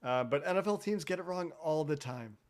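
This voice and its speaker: A man from Cincinnati, a podcast host guesting on a sports show, talking in a measured, thoughtful way. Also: on the high side, lively intonation. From Cincinnati, United States. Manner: measured, thoughtful, frequent restarts. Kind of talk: casual sports talk.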